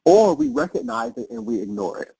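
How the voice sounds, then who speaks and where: Husky reflective man, dry mic. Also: mid-range voice, huge pitch swings, a little fast, warm tone, dry recording, rough recording. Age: adult. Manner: reflective, repeats phrases, restarts often. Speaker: podcast guest. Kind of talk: casual conversation.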